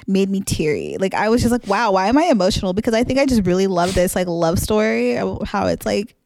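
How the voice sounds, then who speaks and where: A woman's voice: mid-range voice, big pitch swings, a little fast, vocal fry, a little mellow. A woman co-hosting a casual recap podcast, gushing about an episode and laughing often. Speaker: podcast co-host.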